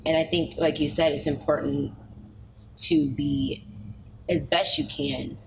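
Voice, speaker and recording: A woman's voice: deep voice, steady tone, unhurried. A woman hosting a podcast, reflecting thoughtfully and repeating key phrases for emphasis. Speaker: podcast host. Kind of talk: casual chat. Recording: noisy podcast recording.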